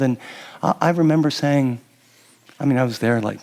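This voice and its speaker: An older male pastor with a fairly high voice, preaching in an animated, conversational way. He slips into quick little impressions of spouses talking to each other, stumbling over and restarting his phrases as he goes. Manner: animated, acts out quoted spouses, frequent restarts. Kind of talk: sermon teaching to a live audience.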